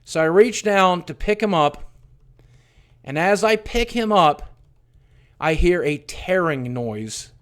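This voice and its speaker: A middle-aged man telling a painful personal story on his livestream, swearing often and swinging between hushed mutters and loud outbursts. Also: high voice, lively intonation, takes it slowly, pauses often, smooth. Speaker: streamer.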